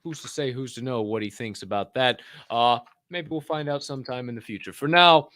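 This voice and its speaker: Animated, cursing male podcast host. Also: mid-range voice, a little fast, few pauses, no room sound, clean studio sound. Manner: animated, joking, profane; reads items aloud with asides. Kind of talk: casual news commentary.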